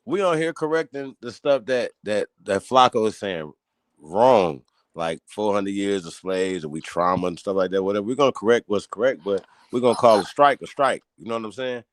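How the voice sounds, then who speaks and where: A man's voice: moderate pace, no room sound. Man host, brash and profane, dry close sound. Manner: loud, profane, excitable, cracks high when riled. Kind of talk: heated casual podcast talk.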